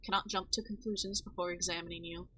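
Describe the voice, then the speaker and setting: A woman voicing a calm, inquisitive male town doctor with measured, probing questions, reading game dialogue aloud. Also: on the low side, a little hiss or hum, natural voice, poor audio.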